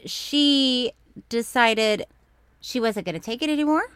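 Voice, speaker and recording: A woman's voice: fairly high pitch, measured pace, clear, resonant tone, no echo. A woman co-hosting a casual chat, telling stories with big bursts of laughter. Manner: animated storyteller, loud laughs. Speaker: podcast co-host.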